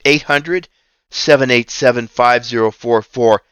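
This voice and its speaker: A man's voice: mid-range voice, measured pace, fairly bright tone, smooth, no room sound. A man hosting a Christian radio talk show, preaching in an emphatic way and repeating key phrases. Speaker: radio ministry host.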